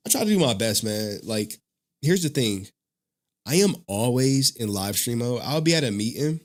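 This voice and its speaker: A man's voice: medium pitch, animated, normal speed. A man hosting a casual live stream who talks to his chat in a loose, rambling way and laughs often. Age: adult father of a young child.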